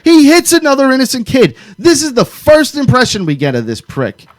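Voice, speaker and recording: Male podcast co-host, profane and heated, voice sits high and swings wide. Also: a little fast, dry recording, clean studio sound. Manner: animated profane ranting. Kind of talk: casual chat.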